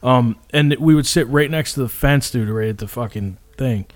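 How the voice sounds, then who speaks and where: A man's voice: medium pitch, normal speed. A young man from Florida telling a rambling story on a podcast, swearing often and acting out other people's lines. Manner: swears a lot, animated, acts out quotes with shouts. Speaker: podcast co-host. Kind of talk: casual storytelling.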